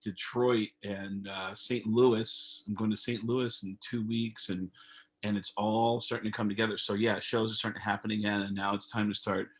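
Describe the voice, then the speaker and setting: Husky-voiced comedian telling stories. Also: male voice, lowish voice, normal speed. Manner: animated storyteller, acts out phone calls in raised voices. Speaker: comedian guest. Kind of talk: casual storytelling over video call. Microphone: video call.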